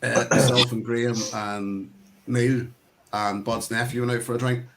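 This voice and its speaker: A man's voice: medium pitch, level tone, normal speed, creaky, a bit bright. A man with a Northern Irish accent hosting a casual whisky chat on a video call, rambling and laughing often. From Northern Ireland. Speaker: host of online whisky tasting.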